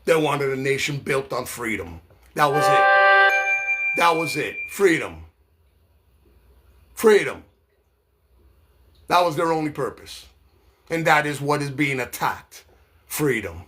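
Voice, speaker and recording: A man from New York delivering an impassioned, profane political rant. He swings between loud outbursts and low, slow asides. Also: very animated, breathy edge. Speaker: political commentator.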